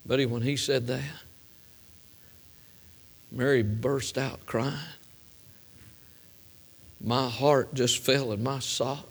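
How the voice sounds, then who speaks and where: A man's voice: mid-range voice, steady tone, slow pace, creaky, long pauses. A middle-aged man preaching a sermon, telling a personal story in a folksy way that builds to fervent emphasis.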